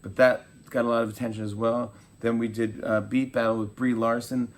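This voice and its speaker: A man in his forties, a talk show host, telling animated stories in a casual interview and acting out quotes. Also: medium pitch, brisk. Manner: animated storyteller, acts out quotes.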